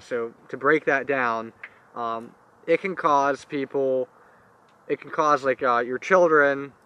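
A man's voice: medium pitch, sharp tone, clear, resonant tone. A young man co-hosting a casual podcast chat, rambling through explanations with many fillers. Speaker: podcast co-host.

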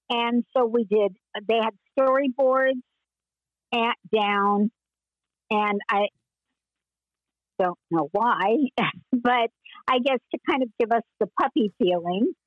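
Older woman, interview guest, slow and wandering, laughs often; dry, muffled sound. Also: fairly high pitch, no echo. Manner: slow, meandering storytelling with frequent laughs. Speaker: interview guest, former child actress. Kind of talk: reminiscing interview.

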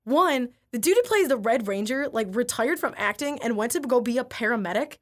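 A young woman in casual podcast chat, her voice sitting a touch high. She talks in a loose, chatty way, leaning on "like" constantly and animating the stories she retells. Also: expressive, fairly quick.

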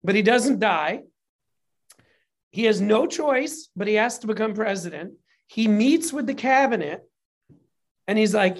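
Profane, animated casual storyteller. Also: medium pitch, unhurried, long pauses. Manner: gets emotional while telling it. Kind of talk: casual chat.

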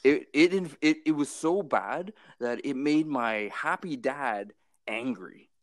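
A man's voice: medium pitch, expressive, slow pace, no room sound. A young man with a mid-range voice, talking casually in a laid-back, slangy way. His voice sounds close and dry, with no room around it. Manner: laid-back, slangy, calls people bro and dude. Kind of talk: casual chat.

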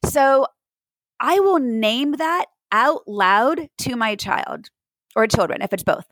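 A woman's voice: a little high, lively intonation, slow pace, fairly bright tone, no echo, poor audio. A woman giving mindfulness advice to parents in an interview, earnest and acting out examples as she explains.

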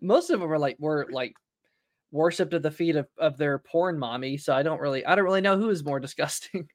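A man's voice: a little high, a little fast, no echo, studio quality. A man hosting a casual podcast, rambling and laughing mid-sentence as he tells stories. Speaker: podcast host.

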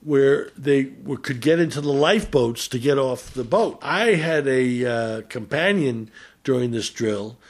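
A man's voice: mid-range voice, expressive, a little slow. An older man, a physician hosting a show, telling a story in a hesitant way with many fillers. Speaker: radio host and physician. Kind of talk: unscripted storytelling talk.

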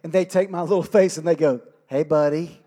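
Middle-aged male pastor, high voice, energetic, self-mocking humor. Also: fast. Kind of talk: sermon.

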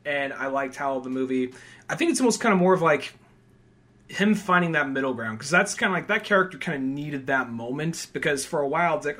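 A man's voice: medium pitch, animated, a little fast. Rambling young man reviewing a film. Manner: rambling, many fillers, acts out quotes loudly. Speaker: podcast host. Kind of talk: casual film review chat.

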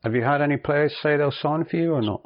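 A man's voice: on the high side, quick pace. Podcast host guy, laid back, ribbing his guest a bit, dull lo-fi sound. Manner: easygoing, teasing questions. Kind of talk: casual interview.

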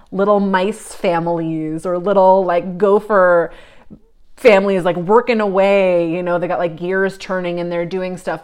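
A woman giving a psychic reading, talking in a searching, meandering way with many fillers, often drifting soft and reflective. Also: fairly low pitch. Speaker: psychic reader.

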